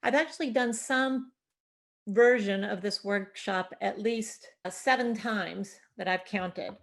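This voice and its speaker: A woman's voice: mid-range voice, slow pace, creaky. A woman presenting an online gardening workshop on a video call, explaining in a chatty, informal way with fillers. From Delaware, USA.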